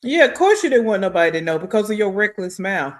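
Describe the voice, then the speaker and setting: A man's voice: high voice, big pitch swings, fast talker. A man giving blunt, scornful commentary as host of a reaction video.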